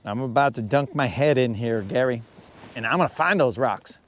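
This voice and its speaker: A man's voice: mid-range voice, normal speed. Laid-back man streaming from a boat. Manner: laid-back, slangy, talks to chat viewers. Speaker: fishing livestream host. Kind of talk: casual livestream chat. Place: on a fishing boat on a lake.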